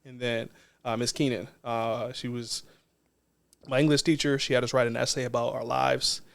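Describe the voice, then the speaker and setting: A man's voice: medium pitch, level tone, normal speed, creaky. A man, a non-profit co-founder, telling a personal story in a casual interview in an earnest, reflective way.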